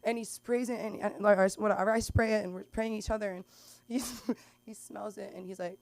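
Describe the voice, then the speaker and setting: A young woman performing an open mic stand-up set, rambling through stories with lots of "like" and "um" and bursting into loud put-on voices for the people she describes. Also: mid-range voice, steady tone, a little fast, creaky. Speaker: stand-up comic. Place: small comedy club stage.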